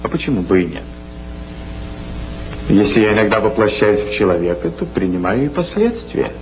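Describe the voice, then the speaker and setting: A man's voice: lowish voice, very animated, brisk, darkish tone, highs cut off. An actor playing a sly, chatty male devil who complains of rheumatism, in 1960s film dialogue from an old soundtrack with a hum.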